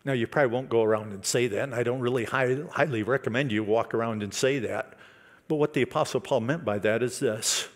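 A male pastor preaching a sermon, building to loud, emphatic declarations. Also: medium pitch, fairly quick. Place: church service.

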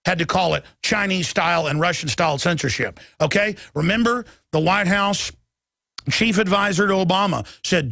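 A gravelly-voiced man rants through a political talk radio monologue, his voice pitched a little high and pressing forward with a tense, sharp edge. He hammers his points with emphasis and breaks into sudden loud bursts. The sound is close and dry, with no room around it. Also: lively intonation, moderate pace, no echo. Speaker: radio and web show host.

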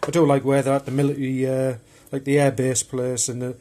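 A man's voice: mid-range voice, level tone, brisk, dark tone. A man casually showing off his film collection on video, chatty and rambling as he talks. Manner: rambling and chatty, loose and unpolished. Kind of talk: casual show-and-tell of home video collection.

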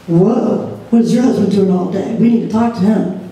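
A woman leading a church training session, lively and laughing as she acts out examples. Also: medium pitch, normal speed. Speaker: ministry group leader trainer. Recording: echoey room, mic far off.

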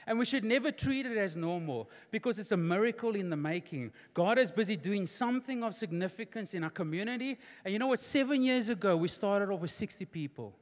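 A man, preaching a sermon as pastor in a large church auditorium, emphatic and repetitive, building to near-shouting. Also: high-pitched, expressive, brisk, few pauses. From South Africa. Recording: long hall reverb in church auditorium.

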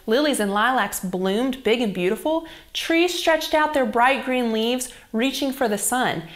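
A young woman reads a story aloud to children in a gentle, expressive way. Her voice sits a little on the high side. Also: a little slow. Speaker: children's church teacher. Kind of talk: reading a Bible story to children.

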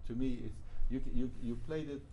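A man's voice: medium pitch, fairly even intonation, brisk, highs cut off, slight background noise. A man teaching a piano masterclass, coaching a student and singing phrases aloud to show how they should go. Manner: sings phrases to show them, coaxing. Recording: loud piano in the room.

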